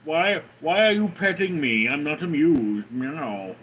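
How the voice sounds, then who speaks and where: A man's voice: a little high, lively intonation, a little slow, fairly bright tone, breathy edge, exaggerated voice, rough recording. A man voicing an aloof male house cat who speaks with a regal, disdainful manner. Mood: haughty.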